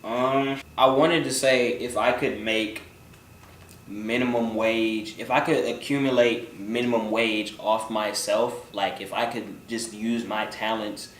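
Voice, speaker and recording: Slow and steady, with a lowish yet fairly bright voice, a young man works through viewers' questions in an easygoing, joking vlog chat, often cursing and fading into mumbles. The sound is roomy and captured from a distance, with faint background noise.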